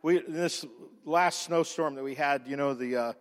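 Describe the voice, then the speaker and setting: A man pastor telling a personal story in a sermon, animated, with frequent restarts and repeated words. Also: a little high, moderate pace, clear, resonant tone, big-room sound.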